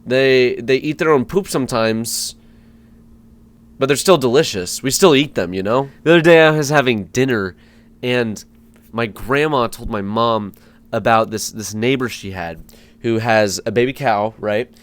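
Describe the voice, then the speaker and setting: A man's voice: mid-range voice, measured pace. Young man doing stand-up, stammering. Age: young adult. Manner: deadpan with sudden loud outbursts and repeated stammers. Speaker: comedian and street interviewer. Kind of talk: stand-up comedy.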